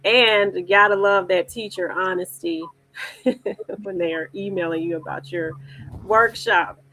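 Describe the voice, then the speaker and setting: An upbeat woman moderates the panel and keeps the conversation moving. She affirms each guest warmly and sets up their questions in a friendly, lively way. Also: mid-range voice, slight background noise, low-quality recording. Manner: upbeat, encouraging, quick affirmations. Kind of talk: hosting a panel talk.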